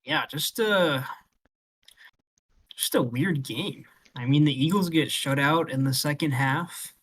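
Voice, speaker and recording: A man's voice: on the high side, takes it slowly, a bit bright, slightly rough. A man co-hosting a casual sports talk show, laid-back and agreeable. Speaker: sports podcast co-host. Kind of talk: casual chat.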